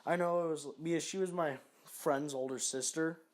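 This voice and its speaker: A man's voice: on the high side, fairly even intonation, moderate pace. A young man telling a personal story to camera, casual and profane, full of fillers and asides. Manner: profane, rambling, lots of fillers. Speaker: vlogger.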